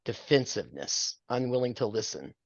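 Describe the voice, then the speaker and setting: A man's voice: medium pitch, sing-song, normal speed, dry recording, muffled recording. An older man counseling a married couple, earnest and preacherly, quoting scripture with a self-deprecating streak. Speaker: marriage mentor.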